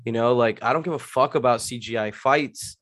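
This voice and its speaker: A man in casual conversation, reviewing a superhero movie with animated, profane commentary. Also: mid-range voice, a little fast. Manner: animated, swears freely.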